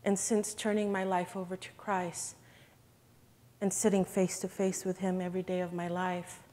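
A woman's voice: fairly low pitch, level tone, moderate pace, darkish tone. A woman giving an emotional, earnest church testimony in an event hall, addressing listeners as brothers and sisters.

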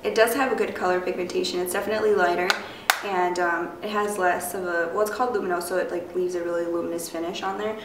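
A young woman chatting loosely through a beauty product review, her voice raspy because she has just woken up, full of fillers and rambling asides. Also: lowish voice, fairly even intonation, quick pace. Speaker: beauty vlogger. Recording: echoey room, mic at a distance, faint noise.

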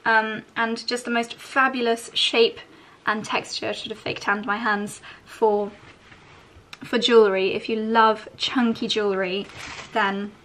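Giggly woman vlogging at home, bit high voice, rambles on chattily. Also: flat delivery, a little slow, a bit bright, slight background noise. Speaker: fashion vlogger. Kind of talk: chatty morning vlog to camera.

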